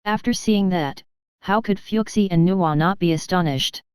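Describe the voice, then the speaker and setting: A woman narrating a fantasy audiobook in a steady, even reading. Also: lowish voice, normal speed, clear, resonant tone, dry recording. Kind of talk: scripted narration.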